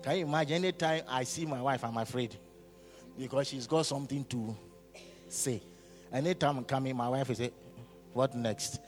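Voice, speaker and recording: A man's voice: mid-range voice, brisk. A man preaching a sermon as pastor, often asking the congregation questions and waiting for them to answer. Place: church hall. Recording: hall reverb with faint music.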